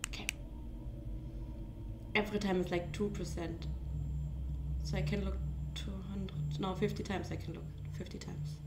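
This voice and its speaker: A woman's voice: mid-range voice, steady tone, moderate pace, long pauses. A woman playing a horror game on stream, talking to the screen, laughing and getting startled. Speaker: gaming streamer. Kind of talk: live horror game commentary. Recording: echoey room with clear background noise.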